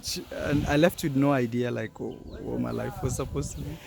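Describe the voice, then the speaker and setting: A young man from Kenya vlogging casually at his rural family home, soft-spoken and halting, with many fillers. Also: mid-range voice, fairly even intonation, creaky, very noisy. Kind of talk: casual vlog chat.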